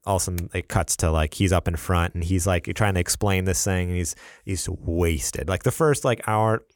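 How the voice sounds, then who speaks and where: A man co-hosting a podcast, chatting casually and acting out scenes as he recaps them. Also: deep voice. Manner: animated storyteller, acts out scenes with quick asides. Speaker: podcast co-host. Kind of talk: casual chat.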